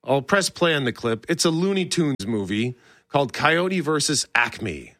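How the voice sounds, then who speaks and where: Bright-voiced, enthusiastic male host. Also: medium pitch, big pitch swings, measured pace, no echo, studio quality. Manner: enthusiastic and rambling, with restarts. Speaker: show host. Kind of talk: casual entertainment talk.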